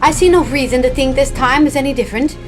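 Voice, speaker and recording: A woman voicing a composed, scholarly young female mage as she reads game dialogue aloud, measured and formal. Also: sits high, music in the background, close to an everyday voice. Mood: firm.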